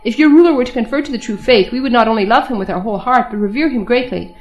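A woman's voice: on the high side, rapid-fire, faint music behind, natural voice. A woman voicing a group of imprisoned male martyrs who answer firmly and solemnly, within a storybook reading.

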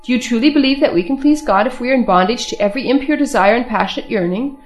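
A woman reading the lines of captive male saints who answer calmly and firmly, reasoning from scripture. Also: on the high side, quick pace, faint music behind, lightly acted. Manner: calm, reasoning, quoting scripture. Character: captive male Christian saints, calm and firm.

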